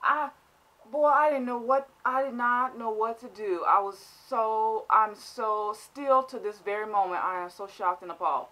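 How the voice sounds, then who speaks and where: A woman's voice: on the high side, normal speed, sharp tone. A woman vlogger telling a comic story in an exaggerated, mock-dramatic way. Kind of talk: comedic storytelling vlog.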